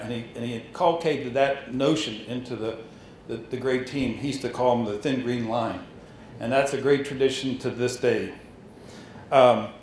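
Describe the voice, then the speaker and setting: A man's voice: mid-range voice, slight background noise. Older man telling stories in an echoey hall. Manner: storytelling with chuckles and restarts. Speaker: ceremony speaker. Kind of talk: anecdotal speech. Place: hall at an outdoor marker dedication. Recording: echoey with faint ambience.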